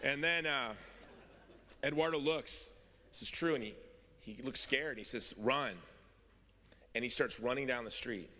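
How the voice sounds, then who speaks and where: A man's voice: medium pitch, moderate pace, sharp tone, slight background noise. A man giving a convention speech, telling stories with self-mocking humor. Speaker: convention speaker. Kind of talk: storytelling speech. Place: convention hall. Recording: long reverb of a hall.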